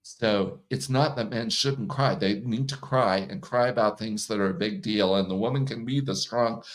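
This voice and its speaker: A man who works as a hypnotherapist and coach, talking casually in an interview, relaxed and laughing often. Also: fairly low pitch, moderate pace. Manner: relaxed, laughs often, acts out quoted partners.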